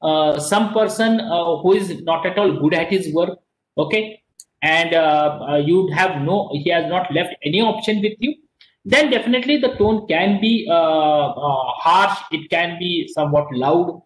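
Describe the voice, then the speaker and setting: A man's voice: on the high side, unhurried, reverberant, slight background noise, poor audio. A man with an Indian accent giving a classroom lecture, repeating himself and often asking "okay?", switching between English and Hindi. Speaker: teacher.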